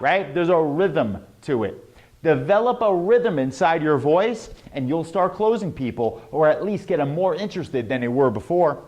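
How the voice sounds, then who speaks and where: A man gives a sales lesson with a lively, swooping delivery that rises and falls on purpose. His voice sits a bit high for a man, and he stretches key words, then rushes through asides. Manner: swooping exaggerated pitch, emphatic and drawn out; rhetorical questions, fast asides. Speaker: sales trainer.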